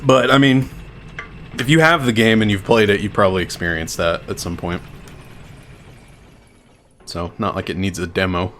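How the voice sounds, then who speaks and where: A man's voice: lowish voice, steady tone, moderate pace, pauses often, fairly bright tone, a little hiss or hum. A man casually commenting on his own gameplay, joking, swearing and talking back to the game. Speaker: streamer.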